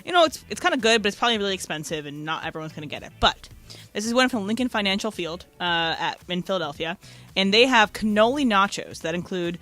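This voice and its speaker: A woman co-hosting a sports radio show, leading segments in jokey, animated studio banter. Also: medium pitch, fast talker.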